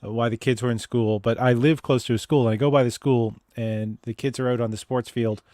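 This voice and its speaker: A man's voice: mid-range voice, fairly even intonation, brisk, darkish tone, no echo, clean studio sound. A man co-hosting a casual video call chat, telling stories with wry jokes. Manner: wry, joking, easygoing storytelling. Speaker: co-host.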